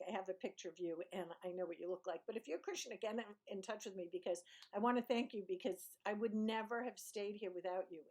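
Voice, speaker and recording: A woman's voice: medium pitch, darkish tone. A woman from Brooklyn telling a personal story to camera, chatty and digressive, correcting herself as she goes. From Brooklyn, New York. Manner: chatty, digressive, self-correcting, laughs often. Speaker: YouTuber.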